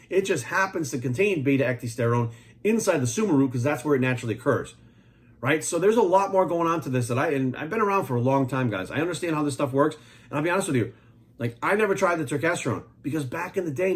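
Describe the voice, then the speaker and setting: A man in his forties delivers a heated monologue straight to his audience. He swears freely and speaks with a rapid, pushy, no-nonsense bluntness. His pitch sits in an ordinary middle range. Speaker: fitness coach and supplement maker. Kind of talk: ranting monologue to camera.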